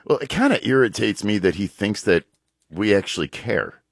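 Man, radio co-host, low voice, short dry interjections, varied pitch, dry studio. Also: big pitch swings, moderate pace, vocal fry, no echo. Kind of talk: casual political talk radio.

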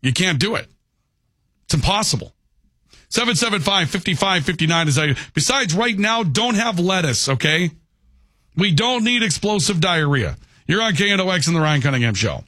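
A man's voice: sits high, very animated, normal speed, sharp tone, dry recording. A male talk radio host who gives his opinion with emphasis and keeps asking "okay?". The studio sound is dry and close, with no room around the voice. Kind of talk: talk radio monologue reading texts.

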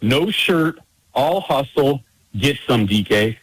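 A man's voice: medium pitch, lively intonation, slow pace, slightly rough, no room sound, low-quality recording. A man calling into a sports radio show by phone, joking and playful. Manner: joking, playful, bursts into scat singing. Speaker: radio caller. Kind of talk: casual call-in chat.

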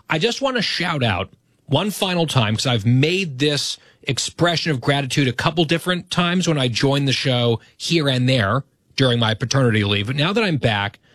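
Male radio host, mid-pitched, earnest and grateful, dry studio sound. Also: fairly bright tone, no echo. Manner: earnest, grateful, self-deprecating. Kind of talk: talk radio monologue. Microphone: studio microphone.

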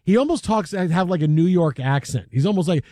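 A man hosting a sports talk show who tells a story in a lively, casual way, slipping into the voices of the people he quotes. His voice sits fairly high for a man. The sound is dry and close. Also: fairly quick, dry recording. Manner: animated, acts out quotes.

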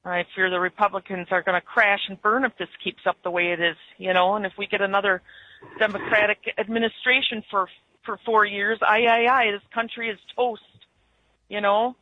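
A woman's voice: medium pitch, steady tone, fairly quick, slight background noise. A woman caller with an Upper Midwest American accent, chatting casually and rambling, laughing easily, over a muffled phone line. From born in Germany, raised in Wisconsin. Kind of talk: casual call-in chat.

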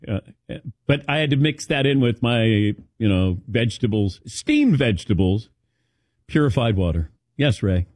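A man's voice: medium pitch, big pitch swings, measured pace, darkish tone, dry recording, studio quality. A man hosting a casual chat show, telling rambling personal stories. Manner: rambling anecdotal storytelling. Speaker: host.

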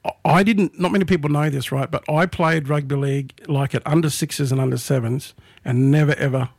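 Fast-talking Australian man spinning yarns. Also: a little high, vocal fry, dry recording, clean studio sound. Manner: animated yarn-spinning, laughs often, acts out quoted voices. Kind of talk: casual storytelling chat.

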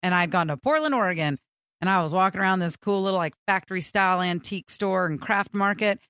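Bright-voiced woman telling a candid story. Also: on the low side, smooth, no room sound, studio quality. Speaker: radio show co-host. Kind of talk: casual group chat. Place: radio studio.

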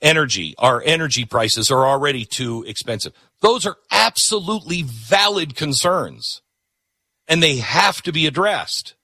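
A man's voice: a little high, very animated, a little slow, pushed and bright, breathy edge, no echo, clean studio sound. A man hosting a talk show, delivering an opinionated, emphatic monologue that repeats words for punch.

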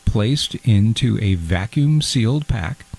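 A prim, easily wounded fondue lover, played by a man with a low, gravelly voice. He explains things pompously and stumbles over his words. He takes every slight to heart. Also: animated, slow pace, a little mellow, exaggerated voice. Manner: pompous, hesitant, easily hurt. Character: fussy, emotional fondue-loving man. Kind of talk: comedy character bit.

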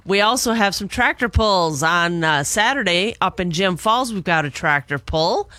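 Chatty male co-host, bright tone, dry close mic. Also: high voice, animated, normal speed, no room sound. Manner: chatty, reads listings, stumbles over place names. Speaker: radio co-host. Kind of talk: casual radio chat and event listings.

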